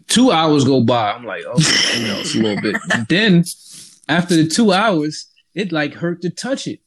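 A man's voice: mid-range voice, normal speed. A young man telling a long story in casual talk, acting out the people in it. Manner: animated, acts out the people in his story. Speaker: podcast host telling a story.

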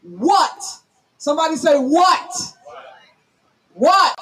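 A woman pastor preaching a sermon loudly and emphatically, calling on the congregation to answer back, in a folksy storytelling manner. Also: extremely high pitch, measured pace, poor audio. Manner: preaching loudly, emphatic, calls for audience responses; folksy, tells stories on herself.

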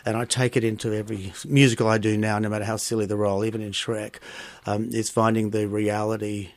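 Expressive Australian man telling stage stories. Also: on the low side, fast talker, no room sound. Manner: expressive storyteller, animated bursts when amused. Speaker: stage performer, guest. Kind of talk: interview conversation.

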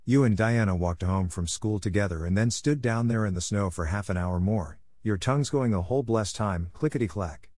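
A man's voice: fairly low pitch, moderate pace, few pauses, a little mellow, no room sound, clean studio sound, close to an everyday voice. A man voicing a stern older spinster who answers curtly and sarcastically. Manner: curt, sarcastic and scolding.

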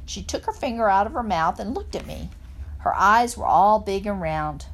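A woman reading a children's novel aloud in a plain, steady narrating voice. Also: mid-range voice, moderate pace, a little hiss or hum. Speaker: reader.

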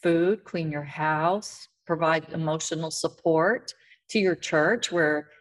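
A woman's voice: low-pitched, takes it slowly. A woman in an interview who sounds weary and a little frustrated, telling stories in a candid, plain-spoken way. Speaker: end-of-life advocate, guest. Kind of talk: conversational storytelling interview.

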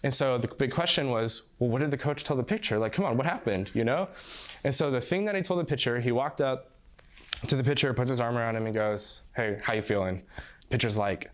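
A young man giving a sermon, talking loosely and conversationally as though chatting with friends. His voice sits at an ordinary middle pitch, and he keeps dropping in filler words and quick asides. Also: fairly bright tone. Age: young adult. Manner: casual, rambling, laughs often, says "like" and "you know". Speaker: pastor.

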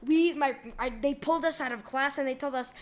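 A woman with a high, bright-pitched voice hosts a laid-back video, reading online posts aloud. She talks in loose slang, giggles often, and jumps between loud outbursts and quieter asides. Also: a little fast. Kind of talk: casual commentary and reading aloud.

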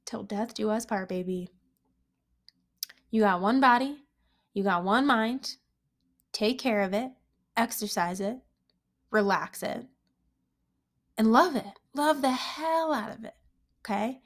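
A woman's voice: a little high, expressive, measured pace, pauses often. Emphatic, encouraging young woman coach. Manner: emphatic, repeats key phrases, encouraging. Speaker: self-help coach. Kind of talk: motivational monologue to camera.

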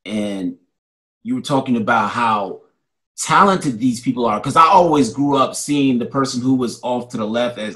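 A man's voice: mid-range voice, lively intonation, a little slow, fairly bright tone. A man hosting his own interview podcast with a plain mid-range voice. He chats casually with his guest. He is inquisitive, upbeat and eager to hear more. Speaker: podcast host.

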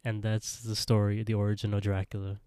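A man's voice: fairly low pitch, completely flat delivery, brisk, a little mellow, clear, resonant tone, no echo, studio quality. A man co-hosting a podcast, casually recapping an episode in a rambling way. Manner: rambling retelling with quoted voices and laughs. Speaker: podcast co-host.

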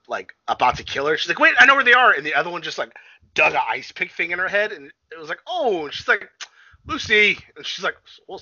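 A man's voice: a little high, bright, forceful tone, breathy edge, no room sound, dull audio. A man casually recapping a film on a podcast, rambling and swearing, often acting out quotes and laughing. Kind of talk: casual chat.

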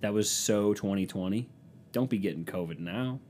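Low-voiced man rambling through a comic podcast monologue. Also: normal speed, a little mellow. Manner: casual, profane, self-mocking storytelling. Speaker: podcast host. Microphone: podcast microphone.

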